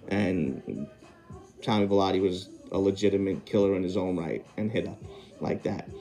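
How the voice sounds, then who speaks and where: A man with a low, mellow voice tells a story in a loose, casual way. He trails off and corrects himself as he works out what he remembers, and faint music plays under him. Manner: rambling, self-correcting, stops to recall details. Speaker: podcast host telling a story.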